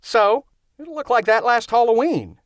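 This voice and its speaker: A man's voice: very high voice, expressive, unhurried, no room sound, pitched above the performer's own voice. A man doing a sarcastic, doubting young guy. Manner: dry, sarcastic.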